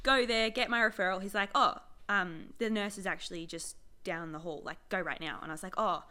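A young woman co-hosting a casual chat podcast, telling a story with lively quoted dialogue. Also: medium pitch, fairly quick. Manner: animated storyteller, acts out quotes. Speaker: podcast co-host.

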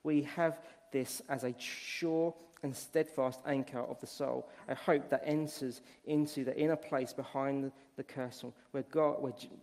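A man's voice: mid-range voice, vocal fry, a little mellow, big-room sound. A man preaching a sermon, earnest and storytelling, often restarting his phrases. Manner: earnest, restarts phrases while retelling stories.

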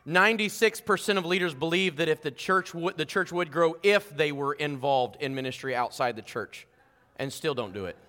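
A bright, sharp-toned man preaches with fervour, his voice pitched high and climbing louder as he presses each point. The sound carries a long reverb, as from a church sanctuary. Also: normal speed. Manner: fervent preaching, rising loud and high on key points. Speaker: pastor. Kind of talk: sermon.

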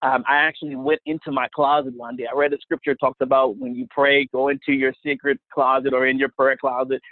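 A man's voice: medium pitch, flat delivery, brisk, no echo. A man telling a personal faith testimony as a guest, earnest and storytelling, often repeating words. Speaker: guest minister. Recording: phone-line sound, dry.

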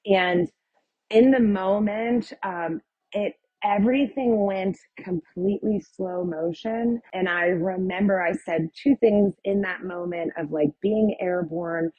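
A woman guest speaks slowly at medium pitch, in a dry recording with narrow, tinny audio. She vividly retells her personal testimony, full of "like" and "um" fillers.

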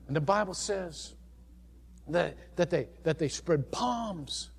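A male pastor preaches in a church sanctuary, his high voice swooping up and down as he tells stories and asks the congregation question after question. He is playful and drops little laughs between his points. A long church reverb trails behind every phrase. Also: slow pace, gravelly, husky. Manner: lively storytelling with many questions to the congregation. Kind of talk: sermon.

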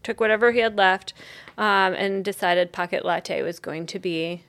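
A woman's voice: medium pitch, moderate pace, a bit bright. A woman co-hosting a podcast, telling a researched story in a casual, rambling way with lots of fillers. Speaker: podcast co-host presenting research. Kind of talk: casual chat.

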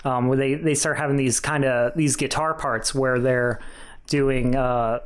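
A man's voice: mid-range voice, steady tone, measured pace. A young man co-hosting a podcast, giving candid, rambling opinions in casual chat. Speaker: podcast co-host.

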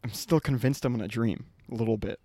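A man's voice: medium pitch, fast talker, dark tone, no echo, clean studio sound. A man in his twenties on a podcast, telling a story in casual chat, swearing freely and laughing as he goes. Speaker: podcast co-host.

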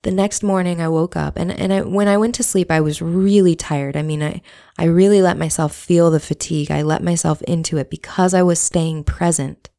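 Low-voiced woman telling a candid personal story. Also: steady tone, moderate pace, mellow. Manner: candid, reflective, swears casually.

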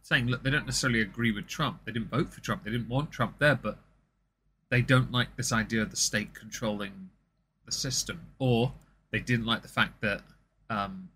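A man's voice: medium pitch, moderate pace, pushed and bright, slight background noise. A man, co-hosting a casual political chat in a blunt, profane, rambling way. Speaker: streamer and co-host.

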